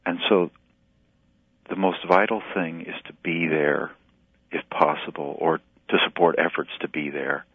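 A man, a pastor and relief director, speaking in an earnest, halting way in a radio interview by phone. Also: sits low, fairly even intonation, vocal fry, husky, no room sound. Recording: tinny phone line, dry.

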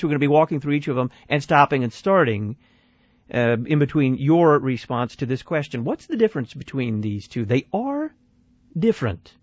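A man's voice: fairly high pitch, dry recording, muffled recording. A man hosting a call-in radio show, giving critical commentary on a played clip in a conversational way with restarts and repeated phrases.

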